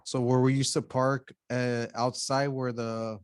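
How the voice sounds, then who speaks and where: A man's voice: mid-range voice, flat delivery, a little slow, clean tone, dry recording. Laid-back young man telling stoner stories. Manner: laid-back, profane, laughs through his stories. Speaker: podcast co-host. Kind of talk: casual storytelling among friends.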